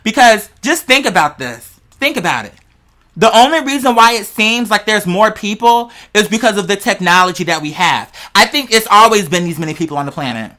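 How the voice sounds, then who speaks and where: Bright voice, forceful delivery, podcast host, casual chat, slangy and profane, rambling theories. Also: medium pitch, brisk. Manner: animated, rambling, slangy storyteller; profane, speculative, talks straight to listeners.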